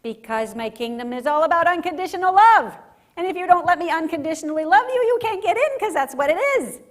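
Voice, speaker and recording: A woman voicing Jesus, gentle teacher. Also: extremely high pitch, voice pushed up. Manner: calm, slow, soft-spoken.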